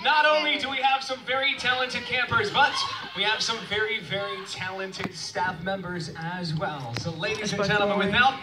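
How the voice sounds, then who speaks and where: High-voiced man emceeing loudly. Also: fairly even intonation, normal speed, very noisy. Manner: loud, rousing announcer delivery. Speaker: emcee at a camp event. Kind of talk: hyped event announcing. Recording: distant, echoey, loud music behind.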